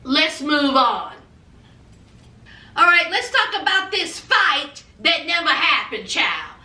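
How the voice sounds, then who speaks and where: A woman's voice: sits high, big pitch swings, slow pace, sharp tone. A woman hosting a casual gossip recap of a reality show, sassy and chatty, acting out what people said. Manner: sassy, chatty, acts out quotes in changing voices. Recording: echoey room, mic at a distance.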